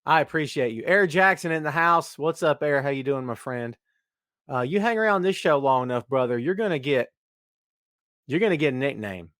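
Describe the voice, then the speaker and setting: A man's voice: a little high, animated, normal speed, fairly bright tone, no room sound, studio quality. A middle-aged man hosting a live podcast, joking around and greeting viewers by name in casual, hyped-up chat. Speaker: podcast host.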